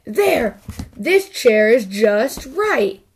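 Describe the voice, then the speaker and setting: A woman's voice: fairly high pitch, sing-song, extremely slow, slightly rough, heavily acted. Storybook little girl, curious and fussy, exclaiming; a woman reader does her.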